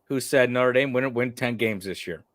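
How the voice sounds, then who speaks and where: A man's voice: medium pitch, normal speed, a bit bright, dry recording. A man co-hosting a casual sports reaction show, arguing and defending his predictions. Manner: argumentative, defensive. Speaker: co-host.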